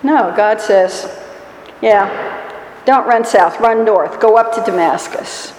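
A woman's voice: medium pitch, slow pace, a little mellow, a little hiss or hum. A woman preaching a sermon in a church, telling the story with wry humor and mock-whining quotes. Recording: echoey hall with long reverb.

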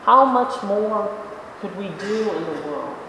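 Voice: mid-range voice, animated, slow pace, vocal fry, bright, forceful tone, slight background noise. Preacher, conversational sermon, rhetorical questions, church sanctuary, echoey hall, distant mic.

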